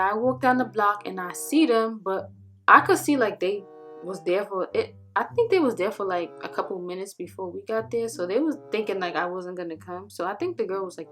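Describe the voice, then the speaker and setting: A young adult woman vlogger tells a casual storytime in a medium-pitched voice. Her delivery is animated and slangy, and she acts out what people said.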